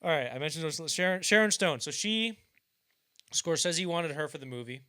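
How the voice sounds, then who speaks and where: A man's voice: normal speed, smooth. A young man hosting a podcast, casually telling anecdotes and acting out quoted lines with bursts of energy. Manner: animated storyteller, acts out quoted lines loudly and higher; casual and profane, frequent restarts. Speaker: podcast host.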